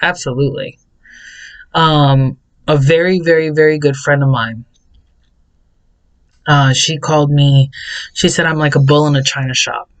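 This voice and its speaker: Vlogger, male, unhurried delivery, confessional and repetitive. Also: a little high, fairly even intonation, rough recording. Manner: rambling, repeats words in bursts. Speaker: self-help vlogger. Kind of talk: personal confessional monologue.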